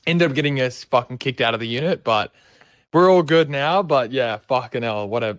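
A man's voice: medium pitch, fairly quick, no room sound. A young man with an Australian accent, telling a rambling, sweary story in a casual way. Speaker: storyteller guest.

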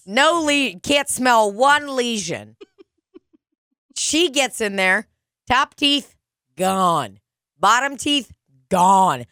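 A woman's voice: on the high side, animated, extremely slow, pauses often, pushed and bright, no room sound, clean studio sound. Raunchy woman riffing in casual chat. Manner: raunchy, riffs on bits with playful exaggeration. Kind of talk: crude comedic casual chat.

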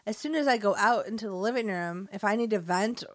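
Chatty laughing mom, casual podcast talk. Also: female voice, medium pitch, fast talker, no echo. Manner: chatty, laughs often, acts out her kids' voices. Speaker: podcast co-host. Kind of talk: casual chat.

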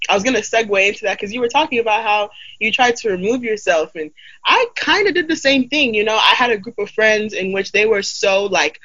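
A woman in her twenties telling stories in a casual group chat, animated and full of fillers. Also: mid-range voice, a little fast, dull audio. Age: 20s. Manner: animated storytelling with many fillers.

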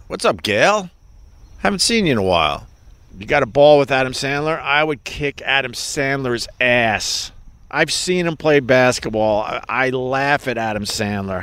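A man's voice: mid-range voice, a bit bright. Loose, profane middle-aged male streamer. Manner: loose, profane, self-mocking, greets viewers by name. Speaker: livestream host reading viewer chat. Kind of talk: casual rambling livestream chat.

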